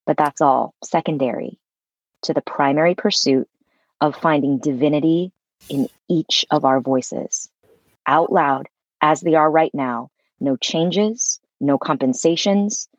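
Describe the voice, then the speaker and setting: Earnest soft-spoken woman voice coach. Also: deep voice, no echo, lo-fi sound. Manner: earnest, spiritual, expressive, laughs fully. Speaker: voice coach, guest. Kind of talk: reflective conversational interview.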